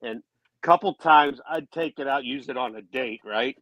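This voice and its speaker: A man's voice: medium pitch, normal speed, no room sound, muffled recording. A middle-aged man telling laid-back anecdotes about his youth in a casual chat, chuckling now and then.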